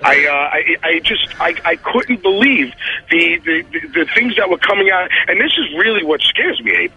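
A man calling into a radio show while pacing at a gas station, talking in heated, rambling bursts full of halting restarts. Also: a little high, lively intonation, sharp tone, breathy edge, faint music behind, low-quality recording. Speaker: radio segment contributor. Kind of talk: casual talk-radio commentary.

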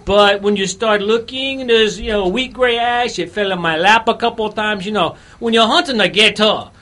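A man acting out a rambling bayou gator hunter, his put-on drawl pitched high above the usual. Fillers pile up as he wanders through his cigar verdict in a comic radio bit. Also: moderate pace, pushed and bright. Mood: deadpan rambling. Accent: put-on Southern bayou drawl. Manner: rambling with many "you know" fillers. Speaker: cigar reviewer.

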